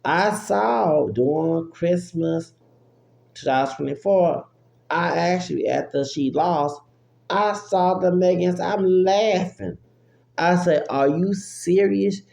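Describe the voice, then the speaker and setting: Gravelly man ranting in a roomy space. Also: sits high, slow, darkish tone. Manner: profane, repetitive, exclamatory. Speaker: vlogger. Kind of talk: unfiltered rant. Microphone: phone app recording. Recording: roomy echo with faint hum.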